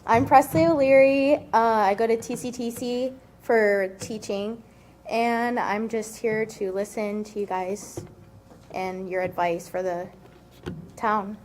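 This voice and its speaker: A teenage high school girl, shy, introducing herself at a council meeting. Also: fairly even intonation, takes it slowly, darkish tone, slight background noise. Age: teens. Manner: shy, giggly. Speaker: student visitor. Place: council chamber.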